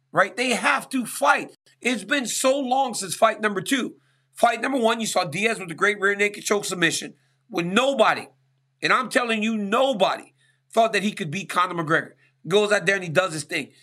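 A man's voice: sits high, bright, forceful tone. A man hosting a sports talk show, answering listener questions in an emphatic monologue and often asking "right?". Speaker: show host.

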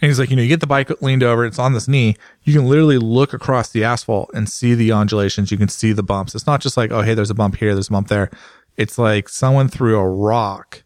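Male journalist, casual podcast chatter, low voice, dry close recording. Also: fast, dry recording. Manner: rambling, animated storytelling with fillers. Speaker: motorsport journalist and photographer.

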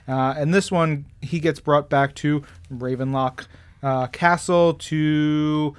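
Enthusiastic man with a higher voice. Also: fairly even intonation, takes it slowly, smooth. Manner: enthusiastic, rambling, many fillers. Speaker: podcast host. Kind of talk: casual chat about comics.

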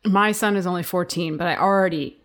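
A woman's voice: lowish voice, fairly quick. A middle-aged woman co-hosting a podcast, reflecting on parenting and summing up advice. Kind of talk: podcast co-host conversation.

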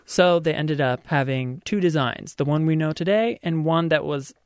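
Low-voiced woman sharing fun facts. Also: moderate pace, darkish tone. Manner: playful, laughs often, tells facts like a story. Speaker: podcast host. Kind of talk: casual chat, reading fun facts.

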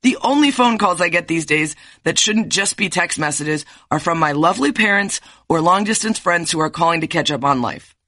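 Woman podcast host, bright voice, sarcastic animated ranting, dry close sound. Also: on the low side, normal speed, no room sound. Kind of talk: casual interview, then a scripted rant.

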